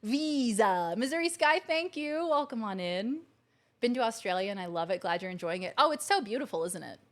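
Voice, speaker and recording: A woman's voice: a little high, expressive, brisk, a bit bright. A woman streaming a video game from her couch at home, chatting casually and gushing thanks to her viewers. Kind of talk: casual live-stream chat. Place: living room couch at home.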